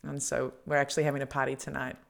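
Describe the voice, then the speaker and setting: A woman's voice: very deep voice, flat delivery, rapid-fire, creaky. A woman hosting a podcast in casual chat, blunt and joking, often laughing. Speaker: podcast host.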